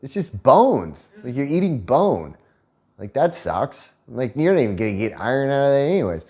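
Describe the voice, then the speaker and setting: A man's voice: medium pitch, very animated, normal speed, mellow, lo-fi sound. A man telling a story in a casual, profane, joking way and laughing often. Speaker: vlogger.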